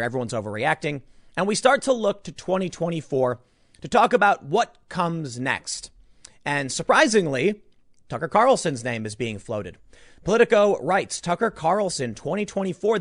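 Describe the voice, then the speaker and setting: A man's voice: a little high, gravelly, no room sound, clean studio sound. A man ranting as a political commentator, exasperated and sarcastic in a solo talk.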